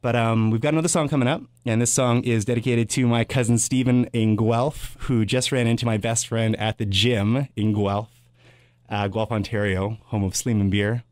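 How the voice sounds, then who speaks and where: A man's voice: medium pitch, fairly even intonation, normal speed, a little mellow, no room sound, studio quality. A man in his thirties, a radio host telling casual, rambling stories on air with lots of filler words. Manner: rambling and anecdotal, full of "uh" and "blah, blah".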